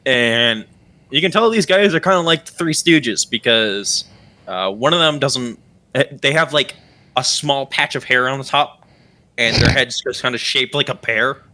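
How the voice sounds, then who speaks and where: A man's voice: medium pitch, normal speed, sharp tone. A young man narrating a tabletop game as game master, rambling with many fillers.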